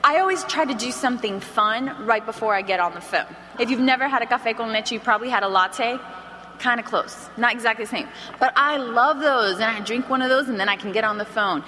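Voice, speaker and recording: A woman with a bright, somewhat high voice leads an animated sales training on stage. Her words ring out with a long hall reverb over faint background noise. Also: a little fast. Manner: energetic, animated, acts out phone calls. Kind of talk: motivational training talk to an audience. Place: large hall with an audience.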